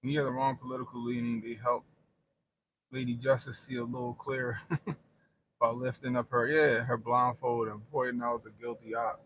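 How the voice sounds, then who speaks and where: A man's voice: mid-range voice, flat delivery, normal speed, fairly bright tone, a little hiss or hum. A middle-aged man chatting casually on a stream, telling blunt, profane stories and laughing often. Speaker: streamer and commentator. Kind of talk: casual profane livestream chat.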